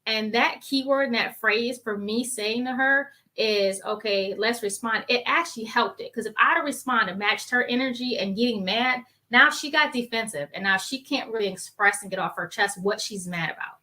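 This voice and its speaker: Bright-voiced woman co-hosting a talk show. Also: fairly high pitch, normal speed, hardly any pauses. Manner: earnest, advice-giving, quotes herself in asides. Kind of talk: casual panel chat.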